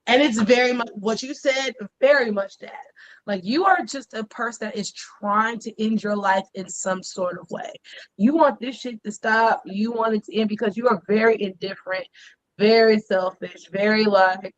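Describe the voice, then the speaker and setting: A woman's voice: medium pitch, fairly even intonation, moderate pace, a little hiss or hum, rough recording. A woman co-hosting a casual gossip podcast, blunt and profane as she rants. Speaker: podcast co-host.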